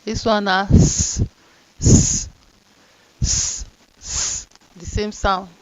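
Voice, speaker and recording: Slow Nigerian woman teacher. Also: medium pitch, level tone, darkish tone, smooth, dry recording, rough recording. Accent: Nigerian Pidgin. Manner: slow, drawn-out sounding of letters and words. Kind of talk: phonics lesson in Pidgin.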